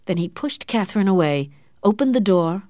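Woman narrator, audiobook reading, mid pitch, lively intonation, dry close sound. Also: moderate pace, no echo.

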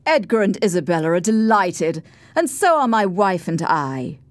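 A woman doing a courteous old-fashioned gentleman. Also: on the low side, lively intonation, moderate pace, no echo, close to an everyday voice. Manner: polite, drops to a hushed whisper. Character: courteous gentleman neighbour, polite and discreet.

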